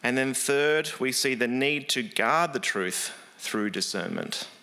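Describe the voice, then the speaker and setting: A man's voice: medium pitch, animated, takes it slowly, bright, forceful tone. A man preaching a sermon in an earnest, conversational way, with frequent fillers.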